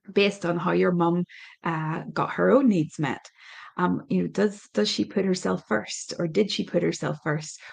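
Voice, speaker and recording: A middle-aged Irish woman hosting a parenting podcast, talking in a thoughtful, hesitant way with many pauses and restarts. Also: lowish voice, gravelly, darkish tone, husky. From Ireland. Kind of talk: reflective solo podcast talk.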